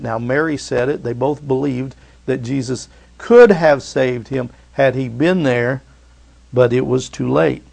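A man preaching a sermon to his church, swinging from loud urging to hushed, tender lines. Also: mid-range voice, gravelly. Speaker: pastor.

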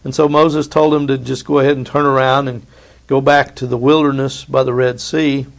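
A man's voice: mid-range voice, little pitch movement, moderate pace, vocal fry. A man preaching a sermon, reading scripture and acting out the voices of biblical figures.

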